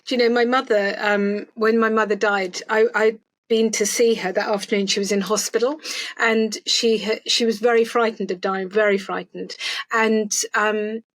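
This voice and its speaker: A woman's voice: mid-range voice, little pitch movement, moderate pace, rough recording. A woman speaking as a guest on a podcast, telling a personal story in an earnest, heartfelt way. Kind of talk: casual interview chat.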